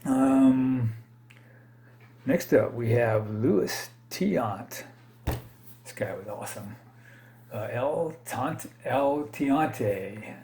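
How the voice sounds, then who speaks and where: A card collector vlogger casually talks through his collection in unscripted commentary, extremely slowly and with frequent pauses. His medium-pitched voice is animated and mellow, and there's slight background noise. He's hesitant and rambling, often correcting himself and laughing at his own slips in a self-deprecating way.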